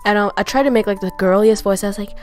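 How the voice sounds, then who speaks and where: A woman streamer answering viewer questions in a casual chat, frank and crude in her joking and quick to laugh. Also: mid-range voice, darkish tone, faint music behind. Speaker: VTuber streamer.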